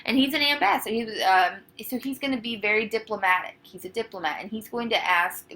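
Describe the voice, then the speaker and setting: A woman gives a recorded history lecture in a chatty, informal way, full of fillers and quick asides. Her voice is bright and forward. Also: medium pitch. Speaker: history teacher.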